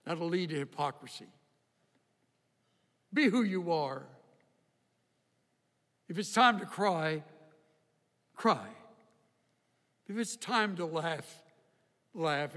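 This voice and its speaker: An older man preaching a sermon in a slow, reflective way, with emphatic rises. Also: on the high side, fairly bright tone. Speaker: pastor. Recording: hall reverb.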